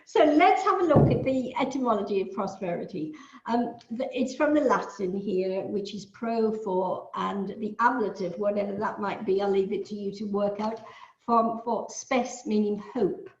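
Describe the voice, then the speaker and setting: An older woman from the UK giving a measured online lecture on astrology, explaining ideas with musing asides. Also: medium pitch. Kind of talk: online talk with shared screen. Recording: echoey, dull lo-fi.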